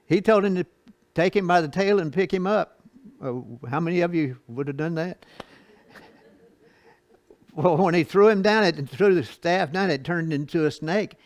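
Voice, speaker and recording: Reading scripture at a slow pace, this high-pitched man leads a Bible study lesson, unpacking the verses in a folksy style full of asides and chuckles. There's no room sound.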